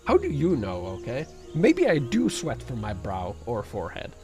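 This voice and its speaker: A man's voice: medium pitch, huge pitch swings, moderate pace, dark tone. Profane, sarcastic male streamer over music. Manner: profane, sarcastic, rambling with many fillers. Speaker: livestreamer. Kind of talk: casual livestream chat reacting to viewer comments. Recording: music bed under the voice. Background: music playing.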